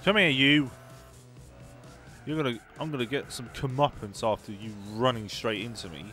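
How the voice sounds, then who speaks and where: Man, gaming commentary, chatty, sarcastic, reacts out loud, average pitch, faint background music. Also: fairly quick. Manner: chatty, sarcastic, reacts aloud while racing. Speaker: gaming YouTuber. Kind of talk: casual gameplay commentary.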